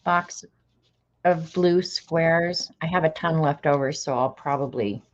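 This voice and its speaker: In a low, unhurried voice, a middle-aged woman chats casually on her art livestream, talking to herself as she draws. The recording is dull lo-fi stream audio.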